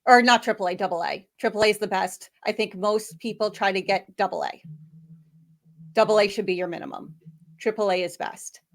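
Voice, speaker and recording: A woman's voice: medium pitch, fairly even intonation, a little fast. A woman answering audience questions on a casual webinar, friendly and chatty, thinking aloud with lots of fillers. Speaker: webinar panelist.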